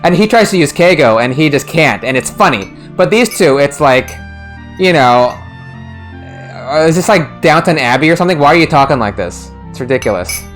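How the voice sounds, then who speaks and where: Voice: mid-range voice, expressive, moderate pace, soft background music. A streamer casually chatting about a game's translation, rambling with lots of restarts and laughter. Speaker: streamer, translation discussion host.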